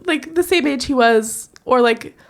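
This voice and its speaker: A woman's voice: high-pitched, a little slow, creaky. A woman co-hosting a podcast, chatting casually and telling stories with frequent giggles. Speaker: podcast co-host. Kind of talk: casual chat.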